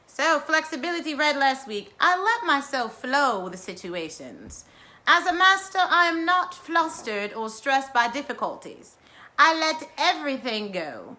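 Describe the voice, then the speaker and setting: A middle-aged woman hosting a wellness video, leading guided breathing and chatting in a lively, playful way. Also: high voice, unhurried. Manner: lively, playful, drawls and chuckles. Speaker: wellness vlogger. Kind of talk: guided breathing and casual chat.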